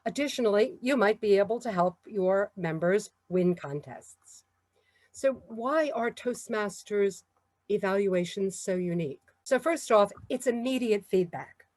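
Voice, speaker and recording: A woman with a New York accent giving a measured, encouraging talk on public speaking. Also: mid-range voice, lively intonation, a little mellow, no echo. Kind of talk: instructional talk.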